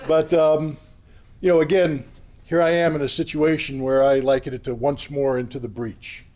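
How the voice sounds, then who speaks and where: High-voiced man giving a fiery speech. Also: level tone, normal speed. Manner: blunt, combative, rising to yelling. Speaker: convention speaker. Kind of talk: impassioned political speech. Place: convention hall.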